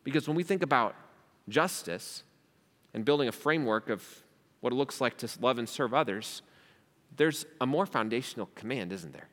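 A man's voice: medium pitch, lively intonation, moderate pace, fairly bright tone, big-room sound. A young man preaching a sermon as pastor, emphatic and asking rhetorical questions. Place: church hall.

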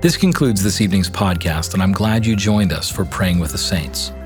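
A man who is a priest, with a Canadian accent, leading an evening prayer podcast in slow, measured, reverent recitation. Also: low voice, soft background music. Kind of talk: liturgical prayer reading.

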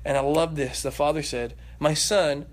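High-voiced animated male preacher. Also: normal speed. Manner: animated, acts out voices, laughs and jokes. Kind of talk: sermon.

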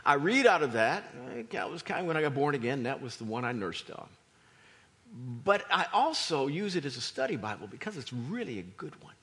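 A man preaching a sermon as a pastor, animated and emphatic, with a slightly husky voice. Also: a little high, a little fast. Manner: animated preaching, rising to near shouts for emphasis.

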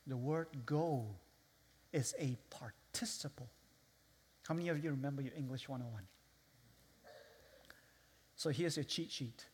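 A man's voice: fairly high pitch, darkish tone. A man with a foreign accent preaching as a guest speaker, who acts out his listeners' voices and quotes scripture. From outside the US. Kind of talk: sermon. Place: large hall with a live audience. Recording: long hall reverb.

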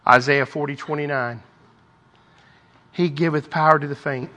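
A man's voice: a little high, steady tone, normal speed, pushed and bright. A man giving an informal Bible devotional, reading scripture aloud and breaking off for conversational asides. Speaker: lay preacher.

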